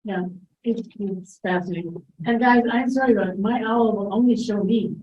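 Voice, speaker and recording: A woman's voice: mid-range voice, moderate pace. A woman hosting a talk, chatty and enthusiastic. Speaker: host. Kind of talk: casual chat. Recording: echoey, dull lo-fi sound.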